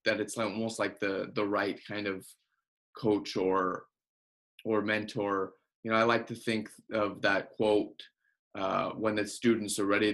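A male podcast host, interviewing a guest in a casual conversation, asks long, searching questions full of fillers. His voice sits on the low side, a bit bright, with vocal fry.

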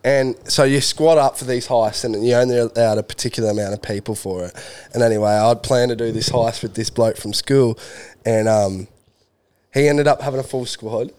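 A man's voice: medium pitch, steady tone, normal speed, a little mellow, clear, resonant tone. Young male co-host, chatty storyteller, laughs and swears freely. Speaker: podcast co-host. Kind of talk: casual chat, storytelling.

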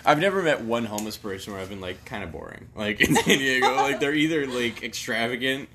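A man's voice: medium pitch, brisk, pushed and bright. A young man co-hosting a casual podcast, telling rambling stories, swearing freely and laughing often. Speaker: podcast co-host. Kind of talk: casual chat.

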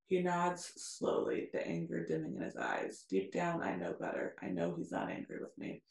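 A woman co-hosting a podcast, reading intense passages of a novel aloud at a steady pace and breaking off for quick asides. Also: lowish voice, gravelly, echoey room. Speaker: podcast co-host.

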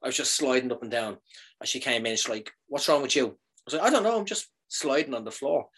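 A man in his thirties, a comedian chatting casually and telling animated stories, leaping up in pitch for quoted lines. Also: fast talker, slightly rough. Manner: animated storyteller, jumps high for quoted lines. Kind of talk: casual chat.

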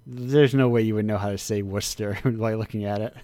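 Low-voiced man, rambling chat. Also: steady tone, mellow, no room sound. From United States. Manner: rambling, halting, often laughing. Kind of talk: casual chat.

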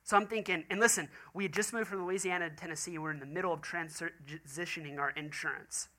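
A man preaching a sermon tells stories animatedly, acting out quoted voices. He speaks briskly in a voice that's a little high.

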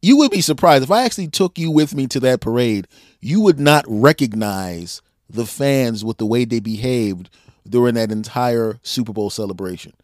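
Animated man telling sports stories. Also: mid-range voice, moderate pace, dry recording, clean studio sound. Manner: animated storyteller, frequent restarts, laughs at own jokes. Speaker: podcast guest. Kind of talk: casual sports banter.

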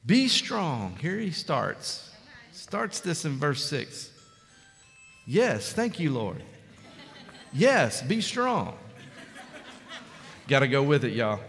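A pastor in full sermon, his high, bright voice ringing through a reverberant church hall. He preaches with fervor, rising loud and dropping soft, and keeps calling out to the congregation. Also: very animated, slow pace, pauses often.

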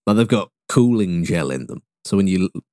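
Young English male podcast co-host, rambling and jokey, lowish voice, dry sound. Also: expressive, a little fast, a little mellow, no room sound. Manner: rambling, swearing, jokey with sudden pitch jumps. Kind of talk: casual chat.

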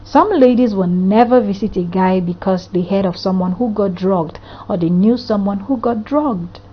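A husky woman therapist from Africa talks earnestly through a podcast monologue, stacking rhetorical questions one after another. Her pitch sits in the middle, and the audio sounds dull and lo-fi. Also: moderate pace.

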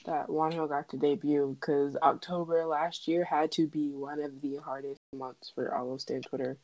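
A woman's voice: sits low, little pitch movement, moderate pace, darkish tone. A young woman in casual fan chat, rambling with many fillers and quoting her own reactions. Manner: rambling, lots of fillers, emphatic quotes.

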